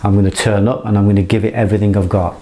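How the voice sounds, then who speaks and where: A man's voice: fairly low pitch, little pitch movement, rapid-fire, mellow. A middle-aged man giving an impassioned motivational monologue, earnest, swearing freely and rambling with restarts. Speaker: motivational speaker.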